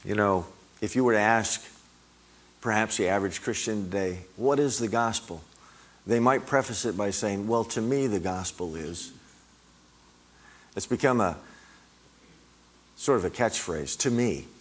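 Slow, low-voiced man preaching. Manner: emphatic, rising on repeated words. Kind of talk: sermon.

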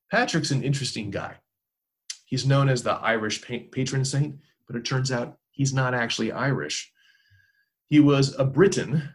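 A man's voice: medium pitch, creaky. A man, a pastor, preaching a sermon with emphatic, repetitive exhortations.

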